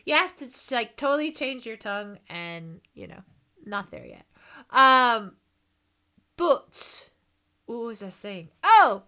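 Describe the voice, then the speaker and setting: Bright-voiced giggly American woman streamer. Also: fairly high pitch, animated, takes it slowly, pauses often, smooth. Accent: American, light Texan. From Texas, US. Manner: chatty, giggly, rambling. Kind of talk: casual stream chat.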